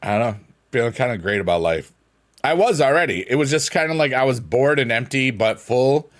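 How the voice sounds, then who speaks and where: A young man rambles through a casual live stream as he plays, playful and loose. His pitch swings widely, jumping into silly high sing-song noises and dropping back to easy chat. He sounds close to a desk mic, with keyboard clicks and tapping nearby. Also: lively intonation, fairly quick.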